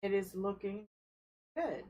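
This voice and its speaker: A woman hosting a casual fish-keeping live stream from her home fish room, talking in an unhurried, friendly way with fillers as she carries her camera from tank to tank. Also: mid-range voice, expressive, warm tone, rough recording. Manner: unhurried, friendly, talks while showing tanks, with fillers. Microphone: handheld camera she carries around.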